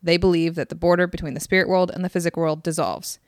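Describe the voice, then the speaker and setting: A young woman with a fairly low voice chats casually as a podcast co-host. She talks loosely, laughs often and swears freely. The recording is dry and close. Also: fairly even intonation, fast talker, dry recording. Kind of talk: casual chat.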